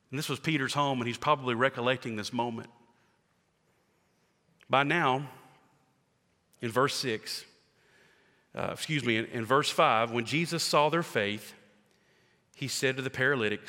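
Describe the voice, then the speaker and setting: A man preaching a sermon, animated, swinging from loud to hushed and acting out the scenes he tells. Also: medium pitch, measured pace, long pauses. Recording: reverberant hall.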